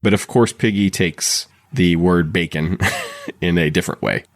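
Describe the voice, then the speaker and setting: Male podcast host, low and dry, chatty with frequent laughs. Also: measured pace, no echo. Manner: chatty, laughs often, restarts sentences. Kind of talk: casual chat recapping a TV episode.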